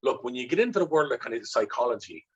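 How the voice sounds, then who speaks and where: A man's voice: mid-range voice, sing-song, quick pace, husky, lo-fi sound. An Irish man, a guest in an interview, tells a personal story with intensity, swearing freely and acting out remembered dialogue. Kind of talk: candid conversational storytelling.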